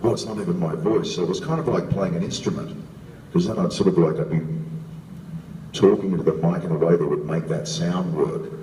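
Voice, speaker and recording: Deep voiced guy rambling on a con panel, distant, big echoey hall. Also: fairly quick, mellow, a little hiss or hum. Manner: rambling, enthusiastic storytelling. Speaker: panelist, voice actor. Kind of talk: convention panel anecdote. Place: convention hall.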